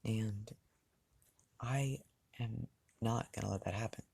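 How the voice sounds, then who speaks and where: A man voicing an anxious, protective mother of a teenage boy in a read-aloud fan story, pleading and halting with restarts. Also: on the low side, fairly even intonation, vocal fry, a little mellow, slightly rough, no echo, exaggerated voice. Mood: worried.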